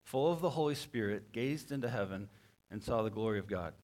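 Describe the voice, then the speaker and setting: A man preaching a sermon as a pastor, halting and often repeating his words. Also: fairly low pitch, expressive, a little mellow.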